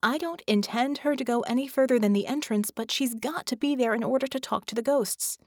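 A woman's voice: a little high, a little fast, no echo, clean studio sound, voice pushed up. A woman reading the part of a blunt female team leader in an audiobook, talking in an urgent, persuasive way.

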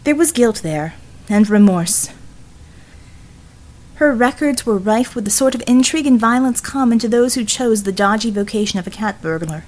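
A woman narrating an audiobook in a measured, scripted style. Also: a little high, lively intonation, darkish tone.

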